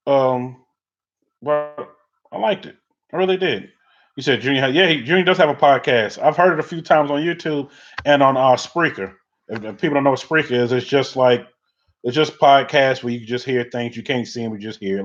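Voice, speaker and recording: A middle-aged man hosting a livestream, telling loose, rambling stories in casual chat while answering viewer comments. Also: a little high. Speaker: livestream host. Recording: dull lo-fi audio.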